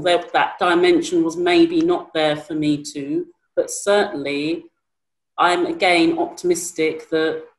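A woman moderating a panel discussion, speaking in a measured way with frequent fillers. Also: fairly low pitch, reverberant, rough recording.

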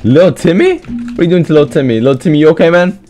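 A man giving live gameplay commentary as a gaming streamer, excitable and trash-talking, swearing often. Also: on the high side, quick pace, faint music behind.

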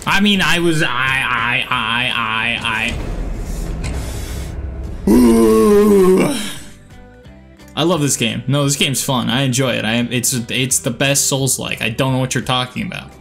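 A man giving gameplay commentary, excitable, yelping and swearing at the game. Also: medium pitch, slow, gravelly, long pauses, soft background music. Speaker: gaming channel host.

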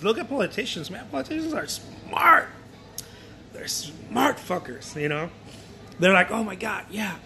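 In his art studio, a male painter who grew up speaking Spanish chats animatedly and casually, repeats himself, and acts out other people. He has a high voice, and there's a little hiss or hum.

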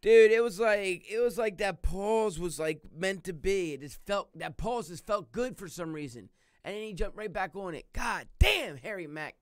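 A man hosting a reaction video, rambling and excitable, swearing often. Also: high-pitched, normal speed, dry recording, studio quality. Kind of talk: casual reaction commentary.

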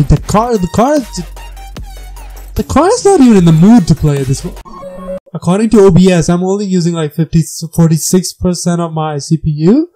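Self-mocking gamer with a mellow voice. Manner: self-mocking, laughing, squeals in high pitch when surprised; scats beatbox sounds along with the game. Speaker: gamer and channel host. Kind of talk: casual gameplay commentary.

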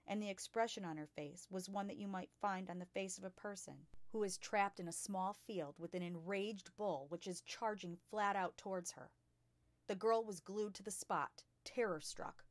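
A woman reading a children's novel aloud with lively expression as a storytime host. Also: fairly low pitch, no room sound. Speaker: storytime reader.

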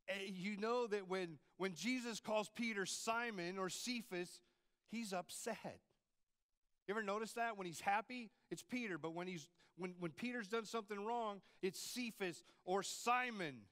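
A man's voice: high voice, moderate pace, fairly bright tone. A man preaching a sermon as campus pastor, in a conversational style with frequent rhetorical asides to the congregation.

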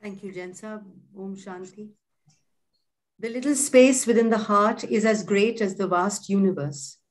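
A woman moderating a memorial meeting, calm and formal, reciting a verse and introducing speakers over a video call. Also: medium pitch, measured pace, low-quality recording.

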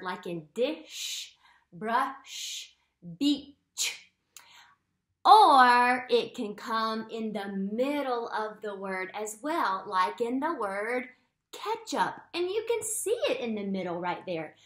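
A woman's voice: a little high, fairly bright tone, reverberant. A woman teaching a phonics lesson to young children from home, encouraging and full of questions to the viewer.

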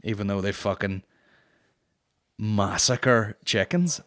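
A Northern Irish man hosting a comedy podcast, reading listener questions and telling stories in a blunt, sweary, animated way. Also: on the low side, normal speed. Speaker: podcast host and stand-up comedian.

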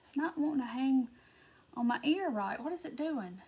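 A woman's voice: sits high, animated, moderate pace, warm tone, husky. A woman from Mississippi with a Southern accent, hosting a live crafting stream and chatting in a bubbly way as she greets viewers by name. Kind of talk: casual live-stream chat.

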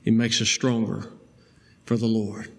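A male preacher, delivering a sermon with emphatic rising stresses and slow, deliberate key phrases. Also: lowish voice, little pitch movement, gravelly.

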